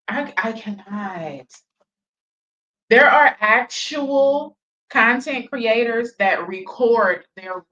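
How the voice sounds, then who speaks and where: A woman's voice: medium pitch, a bit bright, highs cut off. A woman hosting reaction commentary, sarcastic and exasperated. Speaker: commentary host.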